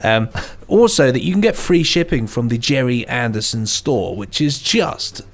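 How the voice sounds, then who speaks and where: A man's voice: mid-range voice, animated, normal speed. A man co-hosting a podcast in casual, rambling, enthusiastic chat. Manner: rambling, enthusiastic, hums theme tunes. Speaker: podcast co-host.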